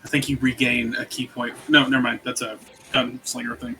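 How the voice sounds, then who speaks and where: A man's voice: medium pitch, little pitch movement, fairly quick, sharp tone, soft background music. A man running a live tabletop game as game master, making blunt rulings with casual swearing and jokes.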